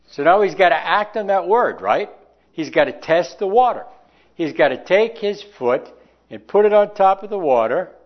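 A man preaching a sermon in a folksy, conversational way, slowing down to stress key words. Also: a little high. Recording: dull lo-fi recording.

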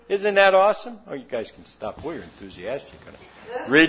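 Husky-voiced man preaching a casual sermon. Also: moderate pace. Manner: animated, jumps up in pitch for emphasis. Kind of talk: conversational sermon. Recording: dull lo-fi recording.

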